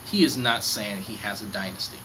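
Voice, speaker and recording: A man's voice: lowish voice, a little fast. Mocking, profane male livestreamer. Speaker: livestream commentator. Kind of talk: casual livestream chat reading comments. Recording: clear background noise with crickets.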